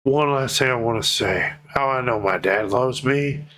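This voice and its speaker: A man's voice: mid-range voice, normal speed, sharp tone. A young man speaking to his viewers in a personal vlog update, emotional, heartfelt and casual, with some swearing. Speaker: vlogger.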